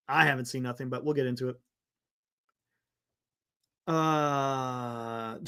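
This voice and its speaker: A man's voice: a little high, bright, forceful tone. A man hosting a live sports stream, chatting loosely, reading viewer comments and laughing often.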